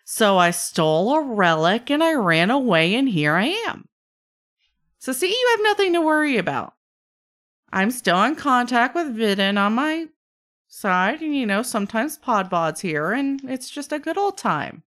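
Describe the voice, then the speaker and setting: A woman's voice: on the high side, very animated, a bit bright, voice pushed up. Woman doing a teasing trickster spirit. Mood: chatty. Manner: teasing, drawn-out, chatty with trailing fillers. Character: mischievous male trickster spirit, playful and bored.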